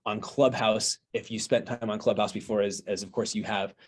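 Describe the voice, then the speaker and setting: Man with a lowish voice, steady and explanatory, interview guest. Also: moderate pace. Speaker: guest, software co-owner.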